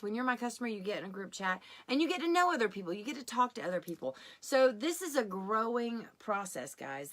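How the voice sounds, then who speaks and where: A woman's voice: mid-range voice, pushed and bright. A middle-aged woman hosting a live keto workshop, chatty and encouraging, greeting viewers by name as she talks. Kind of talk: casual livestream chat.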